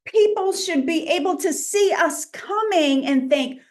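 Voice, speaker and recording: A middle-aged woman with a New England accent, teaching an informal Bible lesson in an animated way and acting out imagined voices. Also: extremely high pitch, unhurried, hardly any pauses.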